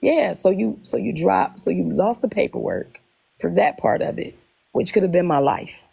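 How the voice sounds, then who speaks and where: Brief: woman, lowish gravelly voice, husky, casual storyteller who repeats herself and quotes others. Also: moderate pace, rough recording. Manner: animated, retells dialogue in quotes, repeats herself. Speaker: guest telling her story.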